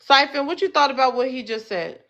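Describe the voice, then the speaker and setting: A woman's voice: sits high, expressive, fairly bright tone, lo-fi sound. A woman hosting a live panel on her phone, teasing guests and cutting in to steer the talk. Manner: teasing, bossy, quick to cut in. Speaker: TikTok live panel host. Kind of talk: casual live-stream chat.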